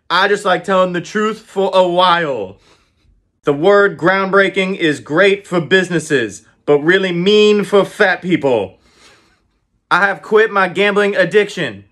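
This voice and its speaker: A man delivering dry, deadpan one-liner stand-up jokes, unhurried and pausing before each punchline. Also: high voice. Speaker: comedian.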